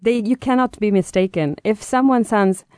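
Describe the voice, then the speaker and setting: A Swedish-accented woman speaking as a radio guest, her voice mellow and warm. She explains in a confident, lightly amused way, recorded in a dry studio. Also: mid-range voice, moderate pace, smooth, no room sound. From Sweden. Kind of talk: radio interview answers.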